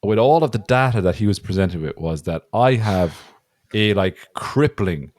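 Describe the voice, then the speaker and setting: An Irish man telling a story against himself on a podcast, voicing every part of it. His voice sits a little low but swings up and down a lot, and the sound is dry and close. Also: lively intonation, normal speed, a little mellow, dry recording. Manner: self-mocking storyteller, acts out both sides of a story. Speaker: podcast co-host. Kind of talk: casual chat.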